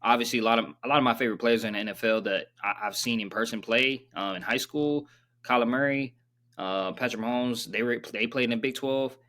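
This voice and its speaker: A young man hosting a casual sports reaction vlog, talking in loose slang with a subdued, self-described monotone delivery. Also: medium pitch, fairly quick. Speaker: sports channel host.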